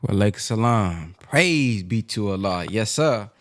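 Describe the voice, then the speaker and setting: A man's voice: fairly low pitch, animated, a little slow. A man hosting a casual talk show, joking and slangy in his speech. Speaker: host. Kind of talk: casual chat.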